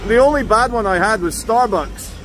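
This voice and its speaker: A man filming himself as he walks city streets, talking in a sardonic, chatty way. His voice sits a little high for a man. Soft traffic hums behind him, caught by the camera's own mic. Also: moderate pace. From England. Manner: chatty, sardonic, mocking asides. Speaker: street vlogger. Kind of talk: walking vlog commentary. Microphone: handheld camera mic while walking.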